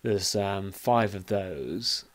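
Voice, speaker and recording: A man's voice: deep voice, extremely slow. A man narrating as game master of a tabletop game, hedging with "kind of, like". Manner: hesitant, many "kind of, like" fillers.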